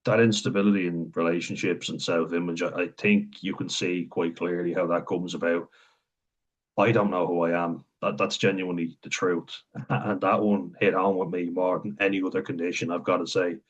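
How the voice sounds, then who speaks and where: A young Irish man with a Wexford accent rambles frankly through a personal vlog monologue, swearing freely and laughing between thoughts. His voice is low with a level tone at a moderate pace, and the recording has a dull, lo-fi sound.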